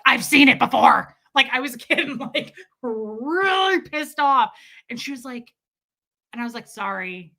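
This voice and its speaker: A young woman livestreaming, telling a story in casual chat and acting out what people said, often breaking into laughter. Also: a little high. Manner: animated, acts out quotes with laughs.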